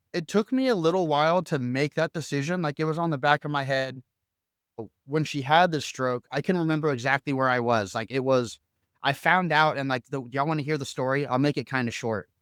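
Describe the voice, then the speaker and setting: A man's voice: fairly high pitch, moderate pace, a bit bright, clean tone, no room sound, clean studio sound. A young adult man co-hosting a podcast, telling a personal story casually and animatedly, full of fillers and acted-out quotes. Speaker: podcast co-host.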